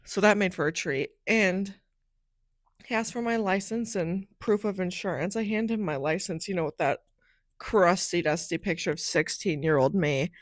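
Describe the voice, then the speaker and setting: A woman's voice: fairly low pitch, moderate pace, no room sound, studio quality. Chatty young woman telling a story. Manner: animated, chatty, heavy use of "like". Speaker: podcast host. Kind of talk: casual storytelling podcast.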